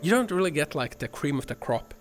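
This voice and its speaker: A man's voice: fairly high pitch, sing-song, a little fast, soft background music. A man streaming, ranting casually with lots of swearing and filler words. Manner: rambling, profane, fillers "like" and "man". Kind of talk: casual chat.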